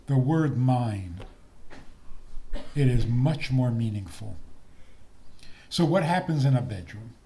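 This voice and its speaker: An older man, a rabbi, giving a talk on faith and marriage in a teasing, deliberate manner. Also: mid-range voice. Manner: lively, teasing, slow deliberate delivery with laughs.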